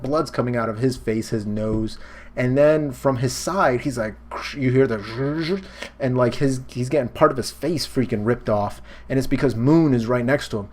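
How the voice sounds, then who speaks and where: A young man hosts a casual reaction video with a middle-pitched voice. He retells the action excitedly, throws in swearing and punchy sound effects, and talks into a desk mic. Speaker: host. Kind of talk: casual manga reaction commentary.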